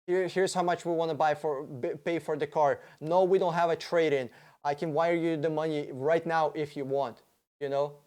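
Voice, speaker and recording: A man's voice: fairly high pitch, normal speed. Guy doing a livestream q&a, swears a lot, gets all hyped, rambles and restarts. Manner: profane, excitable, rambling with restarts. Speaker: livestream host answering viewer questions. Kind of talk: casual livestream Q&A.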